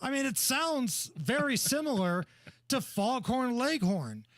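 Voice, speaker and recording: Brash, animated talk radio host. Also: male voice, extremely high pitch, takes it slowly, dry recording, studio quality. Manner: brash, mocking, blunt. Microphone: studio microphone.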